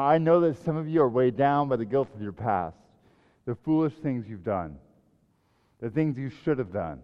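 Male preacher, sermon, swells loud on scripture and drops soft to reflect; muffled sound with a long hall echo. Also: mid-range voice. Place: church sanctuary. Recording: echoey hall, dull sound.

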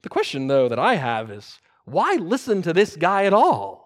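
Man preaching with a higher voice. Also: huge pitch swings, moderate pace. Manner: expository preaching, varies pace for emphasis. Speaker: pastor. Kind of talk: sermon.

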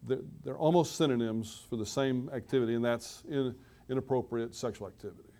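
A man's voice: mid-range voice, brisk, mellow. A middle-aged man preaching a sermon to his congregation. He keeps it conversational, drops self-deprecating asides, and leans hard into the dramatic moments of the story. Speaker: pastor.

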